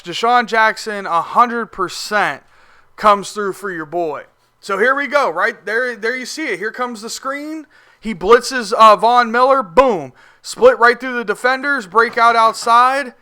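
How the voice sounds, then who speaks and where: A man with a high, very bright voice talks through his own football video game match in a casual voice-over. He is blunt and competitive, swears freely, and stumbles over repeated words when he restarts a thought. His tone is smooth and clear. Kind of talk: casual gameplay commentary voice-over.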